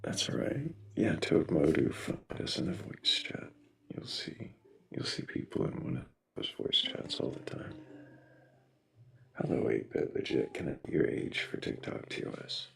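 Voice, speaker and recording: A man hosting a live stream in casual chat, halting and repeating words as he greets viewers. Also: very deep voice, sing-song, gravelly, fairly bright tone, breathy edge. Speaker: livestream host.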